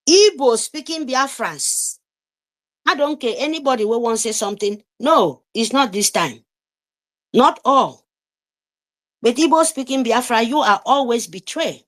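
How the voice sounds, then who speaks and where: Woman, high and swooping voice, heated and scolding, political rant. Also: fairly bright tone. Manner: heated, scolding, repetitive questions. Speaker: participant in an online audio room. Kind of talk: impassioned political speech.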